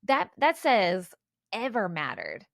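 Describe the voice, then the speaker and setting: Woman podcast co-host, forties, mid pitch, very lively intonation, quick reactions. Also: creaky, dry recording, clean studio sound. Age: 40s. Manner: reacts with quick exclamations and laughs. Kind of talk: casual chat.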